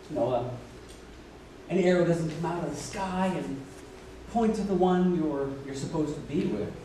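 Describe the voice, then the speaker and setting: Brief: actor as a confiding, halting narrator, animated pitch, distant echoey stage recording. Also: male voice, slight background noise. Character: wistful musical-loving man narrating to the audience. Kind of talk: stage monologue. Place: theater stage.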